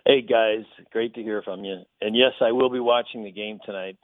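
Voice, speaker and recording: Male phone guest, low voice, thin phone sound, calm explainer. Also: normal speed, no room sound. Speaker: guest team owner. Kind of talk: phone interview. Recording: tinny phone line.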